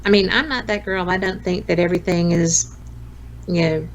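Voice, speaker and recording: A woman guest with a low, gravelly voice, telling her story in an earnest, measured way. Faint noise hums behind her. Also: steady tone, lo-fi sound. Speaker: podcast guest. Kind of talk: casual interview chat.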